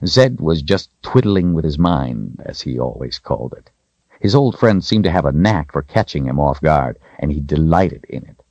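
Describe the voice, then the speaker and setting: A man reading a story aloud as an audiobook narrator, in expressive storytelling. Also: a bass voice, normal speed, dry recording, lo-fi sound. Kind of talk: scripted narration.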